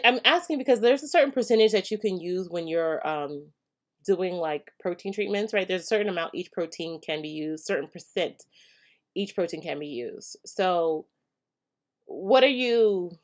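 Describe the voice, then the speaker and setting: A woman's voice: on the low side, lively intonation, a little fast. A woman hosting a casual live stream, reading viewer comments and answering hair care questions in a chatty way with many fillers and frequent laughs.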